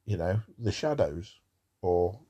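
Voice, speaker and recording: A man's voice: sits low, animated, slow, mellow, breathy edge. A man talking in a rambling casual monologue about music, with wry asides.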